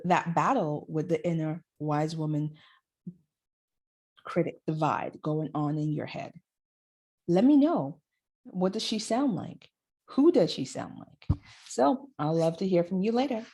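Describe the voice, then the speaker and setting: A woman's voice: medium pitch, warm tone, husky. A woman vlogger giving a motivational talk to camera, emphatic and conversational.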